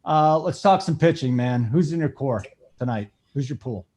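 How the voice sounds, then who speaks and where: A man hosting a casual sports betting show, hyped and joking as he gives shout-outs. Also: mid-range voice, lively intonation, moderate pace. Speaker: show host.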